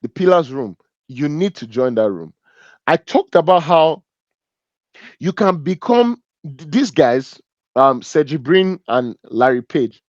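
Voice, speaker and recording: A man with a Nigerian accent giving a humorous, animated business talk, joking and teasing as he tells stories. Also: on the high side, slow pace, no room sound, lo-fi sound. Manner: animated and joking, laughs at his own stories. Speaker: business speaker.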